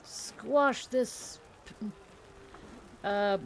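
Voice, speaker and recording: A woman's voice: a little high, extremely slow, creaky, slight background noise. Chatty woman streamer narrating her game. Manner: chatty and playful, bursts of laughter, reads in-game text in an exaggerated tone. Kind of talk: live game commentary, reading event text aloud.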